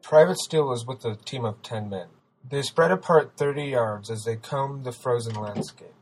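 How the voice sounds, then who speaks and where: A man reading a story aloud as narrator, steady and even. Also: medium pitch, normal speed, husky, faint music behind, rough recording. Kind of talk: audiobook narration.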